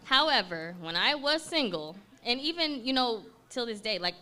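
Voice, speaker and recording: Female podcast guest, bright sharp tone, encouraging and upbeat. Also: on the high side, expressive, moderate pace. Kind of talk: casual podcast chat.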